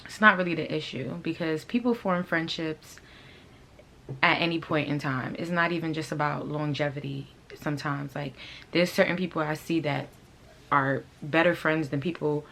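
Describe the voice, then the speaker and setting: Low-voiced woman, chatting casually. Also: fairly even intonation, normal speed, vocal fry, fairly bright tone, slight background noise. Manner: laid-back and slangy, talks right to viewers. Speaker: fashion channel host telling a story. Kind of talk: casual story-time chat.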